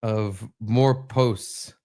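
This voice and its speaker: A man's voice: fairly low pitch, fairly even intonation, very slow, a little mellow. A man co-hosting a podcast, chatting casually and joking crudely while reading messages aloud in mocking voices. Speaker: podcast co-host.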